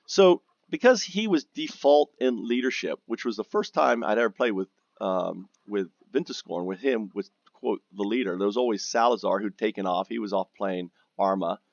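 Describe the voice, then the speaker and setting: A lower-pitched man with a gravelly, creaky voice, telling a rambling, profanity-laden story about his game. He trips over his words and restarts sentences often. The recording is dry and dull, like a lo-fi mic. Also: moderate pace, hardly any pauses, dry recording. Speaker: gamer recounting guild drama.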